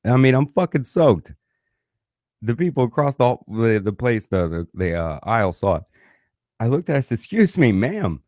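A man telling a personal story in a casual, animated way, swearing freely. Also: medium pitch, moderate pace, no echo, studio quality.

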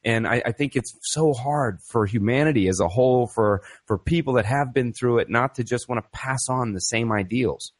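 Rich: A man with a mid-pitched, ordinary voice in a casual chat. He speaks bluntly and emphatically, swearing freely as he makes his points. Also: normal speed, few pauses. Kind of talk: casual conversation.

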